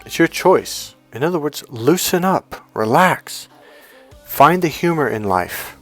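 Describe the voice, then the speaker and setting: Middle-aged man telling an animated story. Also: a little high, slow, faint music behind. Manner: animated storyteller, acts out quotes. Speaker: dating coach. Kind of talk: storytelling vlog.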